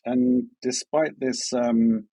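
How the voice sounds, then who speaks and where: A man's voice: mid-range voice, steady tone, slow pace, mellow, husky, dry recording, low-quality recording. A man with a British accent, a security expert guest on a podcast, talking in a wry, self-deprecating way. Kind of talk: casual podcast chat.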